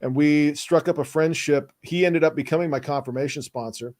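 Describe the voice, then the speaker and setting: A man's voice: on the high side, a little fast, a little mellow. A man with a Texan accent co-hosting a podcast, earnestly telling a personal story in casual chat. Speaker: podcast co-host.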